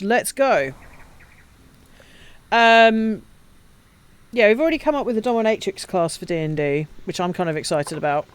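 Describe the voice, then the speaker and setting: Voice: medium pitch, animated, normal speed, pauses often, clear, resonant tone. A streamer giving casual, crude, joking game commentary and laughing often, recorded on a desk mic. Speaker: live streamer. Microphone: desk mic, voice only.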